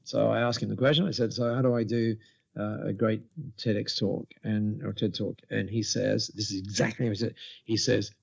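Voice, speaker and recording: A man in his seventies, a podcast guest telling stories with lively quoted dialogue and many restarts. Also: lowish voice, moderate pace, creaky. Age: 70s. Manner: animated storyteller, lively quoting of others, many restarts. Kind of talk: storytelling in a podcast interview.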